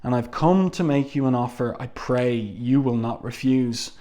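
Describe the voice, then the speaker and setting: A calm, persuasive older mentor, read aloud by a man. His speech is measured and formal, and his pitch sits in the middle. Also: natural voice.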